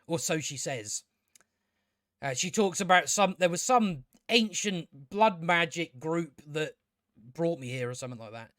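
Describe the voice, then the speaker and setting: A man's voice: on the high side, a bit bright, no room sound, clean studio sound. A man reviewing a TV episode in a rambling casual recap, sarcastic and profane, stumbling over restarts. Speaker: video reviewer.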